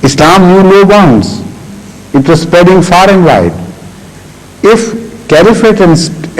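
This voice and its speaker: A man answering audience questions in a session, speaking deliberately with frequent pauses and restarts. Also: a little high, darkish tone, poor audio. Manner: deliberate, halting, with many fillers and restarts. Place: hall in England.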